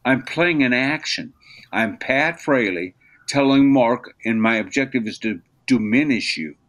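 An older man speaks as a podcast guest, telling stories about his acting career. He is animated, jumps into little character voices, and talks with a middle-range pitch. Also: unhurried. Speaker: voice actor guest. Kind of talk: interview conversation.

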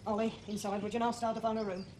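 A brisk hotel owner speaks quickly and drily, cutting her words short, played by a woman. Her voice sits on a noisy 1970s TV drama soundtrack with a clear hiss behind it. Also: mid-range voice, little pitch movement, lightly acted. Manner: dry, curt. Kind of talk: 1970s TV period drama acting.

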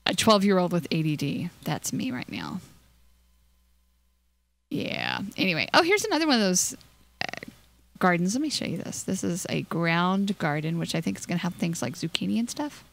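A woman's voice: on the low side, huge pitch swings, normal speed, vocal fry. A young woman casually commenting on her gameplay, chatty and scattered, giggling and cooing at little in-game creatures. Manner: hyper and scattered. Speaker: let's play host.

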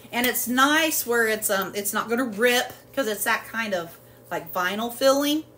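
A woman with a slightly high voice rambles cheerfully through a shopping haul at home, stopping often for fillers. Her talk is loose and unscripted. A faint room hum sits behind her. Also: animated, normal speed, pushed and bright. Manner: rambling and chatty with many fillers. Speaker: haul vlogger. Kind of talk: casual product haul chat.

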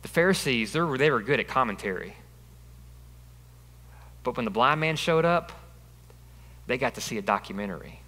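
A man preaching a sermon as pastor, emphatic and repetitive, building to loud peaks. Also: medium pitch, animated, moderate pace, long pauses. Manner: emphatic, repeats phrases, rising to loud peaks. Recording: long reverb of a large hall.

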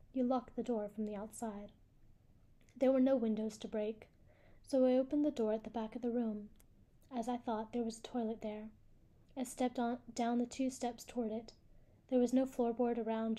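Woman, audiobook narration, first person, flat pitch line, very mellow tone, somewhat high voice. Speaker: audiobook reader.

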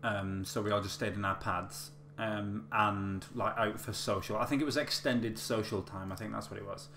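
Chatty low-voiced man, echoey room. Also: steady tone, normal speed, sharp tone. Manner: chatty, rambling with many fillers and restarts. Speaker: vlogger. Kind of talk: casual storytelling. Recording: echoey room with faint hum.

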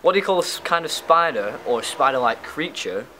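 A man's voice: medium pitch, expressive, fairly quick, sharp tone, slight background noise, rough recording. A young man with a Lancashire accent, chatting casually and bluntly in a vlog, swearing now and then. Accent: northern English, Lancashire. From Lancashire, England. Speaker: YouTube vlogger. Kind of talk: casual chat, doing a tag video.

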